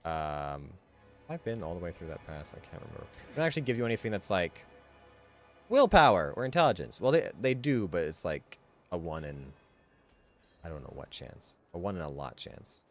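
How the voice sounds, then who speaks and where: A man's voice: low voice, very animated, normal speed, faint music behind. A man streaming a hardcore game run, rambling casually with fillers and restarts as he thinks aloud. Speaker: gaming streamer. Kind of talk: casual gameplay commentary.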